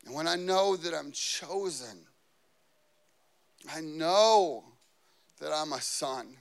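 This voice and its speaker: A man's voice: a little high, lively intonation, slow pace, vocal fry. A man preaching a sermon, telling personal stories and rising to fervent, passionate delivery. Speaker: pastor. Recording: music playing behind. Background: worship band instruments.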